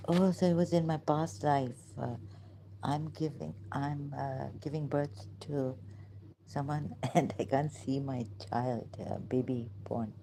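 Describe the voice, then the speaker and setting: A woman talking to herself in a halting, searching monologue, pausing and restarting often and turning emotional at times. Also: rumbling low, noisy background. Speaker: vlogger. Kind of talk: hesitant reflective monologue.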